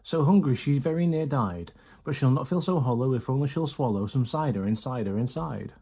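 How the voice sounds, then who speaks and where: Man doing a proper steady badger, storybook, mellow husky tone. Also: medium pitch, a little fast. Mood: singing.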